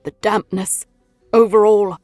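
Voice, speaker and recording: A woman voicing a frightened Victorian male spiritualist, speaking in an agitated, drawn-out way. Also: mid-range voice, fairly even intonation, darkish tone, dry recording, faint music behind, natural voice. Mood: fearful.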